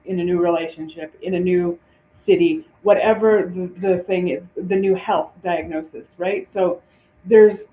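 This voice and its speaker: A woman's voice: lowish voice, slight background noise. A woman guest speaks on a podcast over a thin, phone-like line. Her voice rings in a roomy, echoey space. She explains earnestly, restarting phrases as she goes. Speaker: guest author and coach. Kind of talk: podcast interview.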